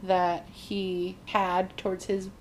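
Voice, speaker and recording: A woman's voice: fairly low pitch, completely flat delivery, slow pace, slight background noise. A woman in casual chat, animatedly retelling a movie plot and acting out the characters' lines, with frequent "like".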